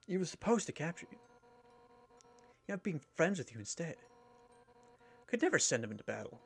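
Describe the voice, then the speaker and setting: A man's voice: a little high, sing-song, brisk, gravelly, husky, voice pushed up, exaggerated voice. A man voicing a brash fish warrior woman. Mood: wistful. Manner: loud, boastful, blunt. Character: brash fierce female fish warrior captain. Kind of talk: reading game dialogue aloud.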